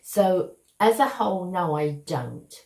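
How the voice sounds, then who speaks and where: Speaking slowly with vocal fry, this older Cockney woman from London's East End addresses her beauty vlog audience affectionately and casually. Her lowish, animated voice has a dark tone, and the recording sounds roomy.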